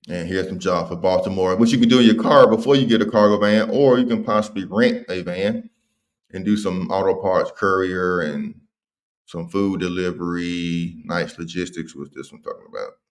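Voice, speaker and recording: A man's voice: low-pitched, fairly even intonation, moderate pace. A man hosting a casual livestream, talking in slang and reading viewer comments aloud. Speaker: livestream host.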